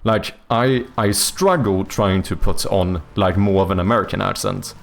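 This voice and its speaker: A man's voice: low voice, moderate pace, vocal fry. A Swedish man whose English leans toward a British accent, chatting casually on a livestream with lots of fillers and restarts. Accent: Swedish speaker leaning toward a British accent. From Sweden. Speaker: streamer. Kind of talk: casual livestream chat, reading and answering chat.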